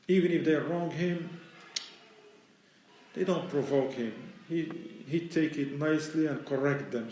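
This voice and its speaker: A man's voice: on the high side, a little slow, mellow, a little hiss or hum. A man giving a conversational religious lecture in plain, explanatory speech, speaking English with non-native grammar. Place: mosque lecture room. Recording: very echoey hall, mic far away.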